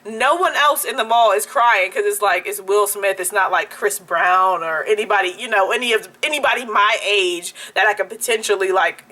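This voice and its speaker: A young woman vlogger telling a story-time anecdote in a casual, animated way, laughing often. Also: mid-range voice, moderate pace, hardly any pauses. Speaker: beauty YouTuber.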